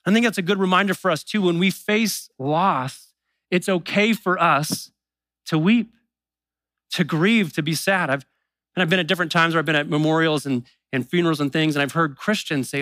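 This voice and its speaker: A man preaching with a bright, forceful tone and a slightly raised pitch. His delivery is conversational, slipping into quick voiced asides for people's doubts. The sound is close and dry. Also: no room sound. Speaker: pastor. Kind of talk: sermon.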